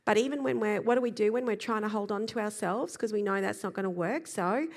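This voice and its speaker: A woman speaks to an audience on children and self-regulation at a middling pitch. She explains with energy and slips into acted examples. Her voice trails off in a long hall reverb. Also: fairly quick. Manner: lively explaining, acts out examples. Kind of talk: live talk to an audience.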